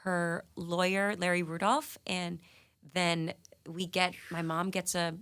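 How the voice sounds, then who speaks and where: A woman in her thirties from New England, a singer guest telling stories in a radio studio interview, animated and laughing, with lots of "like" fillers. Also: on the low side, slow, clear, resonant tone. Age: 30s. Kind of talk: casual interview storytelling.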